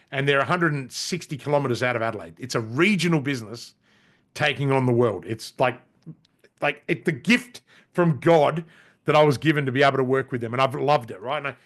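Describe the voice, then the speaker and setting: A man's voice: mid-range voice, quick pace, fairly bright tone. A middle-aged Australian man, a podcast guest, tells business stories bluntly and casually, with frequent swearing and restarts. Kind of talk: casual interview storytelling.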